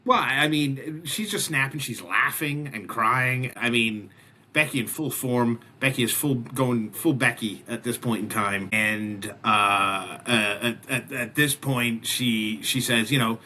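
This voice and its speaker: A man's voice: mid-range voice, measured pace, pushed and bright, slight background noise. A man hosting a casual wrestling recap podcast, talking animatedly and often restarting his sentences. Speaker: wrestling show recap host.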